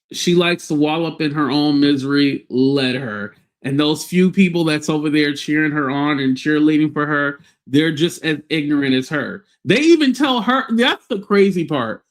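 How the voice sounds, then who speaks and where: A man's voice: a little high, a bit bright. Blunt, profane man ranting on stream. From United States. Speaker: livestream host. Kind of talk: casual livestream rant.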